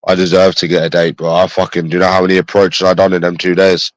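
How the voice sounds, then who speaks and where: Blunt young London man, low dry voice. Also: monotone, fast talker, no echo, rough recording. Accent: London English. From England. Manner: blunt, swearing, addresses viewers as bro. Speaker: livestreamer. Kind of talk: casual livestream chat.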